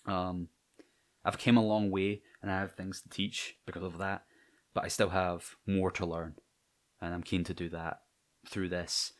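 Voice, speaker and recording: A man's voice: low-pitched, flat delivery, a little slow. A young Scottish man from near Edinburgh talking to camera in a personal vlog, hesitant and self-conscious, with many ums and restarts. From Scotland. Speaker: channel host.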